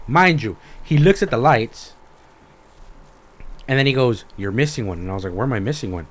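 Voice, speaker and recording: A man's voice: medium pitch, fairly quick. Young guy ranting on a podcast, swears a lot, does everyone's lines himself. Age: young adult. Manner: profane, animated, acts out both sides of conversations. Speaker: podcast host. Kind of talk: ranting casual storytelling.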